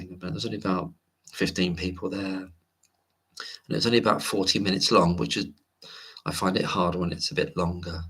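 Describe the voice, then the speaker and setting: A man's voice: low-pitched, gravelly, fairly bright tone, breathy edge. A man hosting a late-night livestream, rambling casually and reading viewer comments aloud. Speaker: livestream host.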